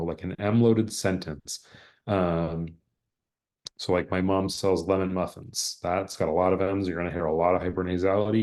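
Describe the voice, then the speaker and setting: Deep-voiced man giving an online lecture. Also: darkish tone. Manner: conversational, demonstrates example sentences aloud. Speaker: exam prep presenter.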